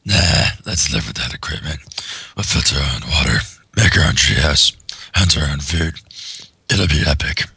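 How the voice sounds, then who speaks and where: An abyssal demonic growl for a gentle sun empress, extremely low and gravelly. The voice is husky and raspy, yet has a bright, forceful edge to it. She sounds laid-back and deadpan, as if she were reading a comic aloud. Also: moderate pace, full character voice. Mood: calm. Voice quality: deep guttural demon growl. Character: solar goddess empress with demonic voice.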